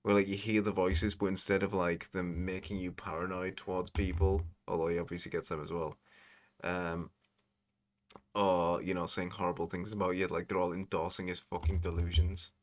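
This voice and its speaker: A man's voice: deep voice, flat delivery, normal speed. A man rambling through sweary, sardonic commentary. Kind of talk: casual commentary.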